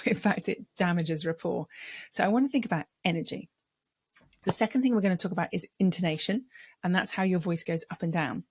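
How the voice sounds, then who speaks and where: Woman voice coach teaching speaking tips, low-ish voice, dry recording, steady explaining. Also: no room sound. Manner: clear, measured explanations with vocal demonstrations.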